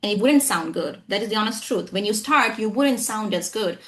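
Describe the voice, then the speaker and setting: Animated woman with acquired American accent. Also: mid-range voice, fairly quick. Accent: American-style accent, acquired. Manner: animated, emphatic, frequent "you know what I'm saying". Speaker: guest English trainer. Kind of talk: conversational interview.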